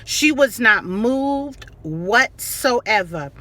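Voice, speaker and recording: A middle-aged woman telling a story to her viewers in a casual, animated way, acting out the quotes and laughing as she goes. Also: on the high side, drawn-out words. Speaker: vlogger.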